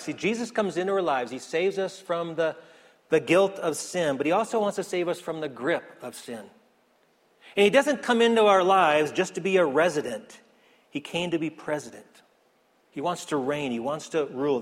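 A man preaching a sermon as pastor in a church, earnest, rising to emphasis then dropping soft. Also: on the high side. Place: church sanctuary. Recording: echoey hall.

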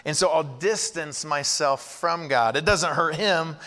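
A man in his thirties preaching a sermon, animated and acting out prayers and Bible voices. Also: fairly high pitch, measured pace, few pauses. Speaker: pastor. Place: large church hall. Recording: reverberant hall.

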